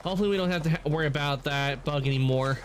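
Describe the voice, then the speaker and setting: A man's voice: on the high side, racing, background noise. Rambling male game streamer. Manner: rambling, with frequent self-corrections. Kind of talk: casual gameplay commentary.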